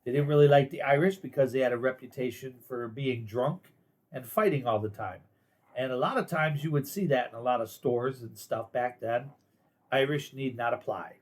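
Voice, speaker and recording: A man's voice: medium pitch, moderate pace. Host, male, American. Blunt, opinionated monologue, casual and sarcastic, mid-range voice. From United States. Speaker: political commentary host.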